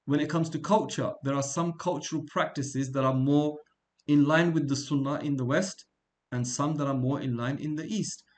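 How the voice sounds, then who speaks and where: A man's voice: a little high, steady tone, moderate pace. A man from England teaching a small class in an informal, conversational way. He wanders into side stories and asks the room questions as he goes. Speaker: religious studies teacher.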